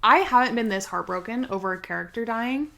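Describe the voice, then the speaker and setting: Bright-voiced, emphatic woman. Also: on the high side, expressive, brisk, creaky. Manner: emphatic and effusive, repeats phrases for stress. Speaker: podcast co-host. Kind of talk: casual chat.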